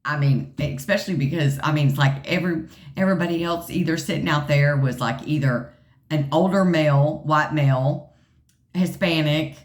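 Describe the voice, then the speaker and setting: A woman's voice: low-pitched, normal speed, reverberant. A woman vlogger casually telling a funny story to her viewers in a chatty, joking way, acting out quoted lines. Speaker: vlogger sharing her health journey.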